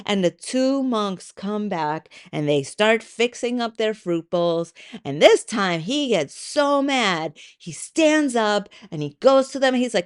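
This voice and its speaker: Lively, casual woman podcast host. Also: medium pitch, measured pace, few pauses, clear, resonant tone. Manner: lively storytelling with swearing and voiced asides; conversational, with frequent likes and ums. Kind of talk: casual solo podcast talk.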